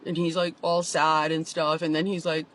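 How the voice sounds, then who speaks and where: A woman's voice: deep voice, little pitch movement, normal speed, rough recording. A woman telling her own story in a candid vlog, emotional and confessional, with lots of "like".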